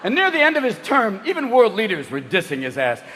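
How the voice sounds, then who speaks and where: Manic high-pitched stand-up comedian. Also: male voice, huge pitch swings, noisy background. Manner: manic, rapid-fire, switching into voices, profane. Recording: echoey hall with loud audience.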